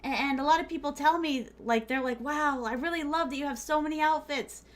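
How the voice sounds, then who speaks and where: Streaming a game as a VTuber, a woman talks a little fast in a high-pitched voice. In this casual stream chat she plays around with viewers she calls "my starlings," giggles often, leans on fillers like "like," and slips in Japanese phrases.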